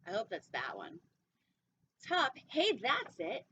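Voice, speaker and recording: A woman's voice: medium pitch, wildly swooping pitch, takes it slowly, sharp tone. A young woman hosting storytime, reading a children's picture book aloud with playful, chatty asides. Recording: dull lo-fi sound with faint noise.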